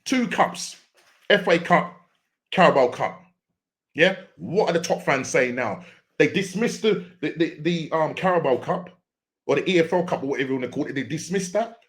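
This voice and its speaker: A man's voice: fairly high pitch, expressive, moderate pace, a bit bright. A man hosting a football fan reaction, ranting with exasperation and often repeating and restarting his words. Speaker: football fan channel host. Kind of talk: post-match fan reaction rant.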